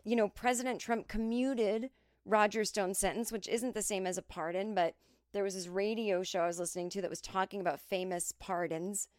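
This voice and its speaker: A woman's voice: medium pitch, brisk, no room sound. Dry-sounding chatty woman storyteller. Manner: chatty, animated impressions of others. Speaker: podcast host. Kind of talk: solo comedic storytelling.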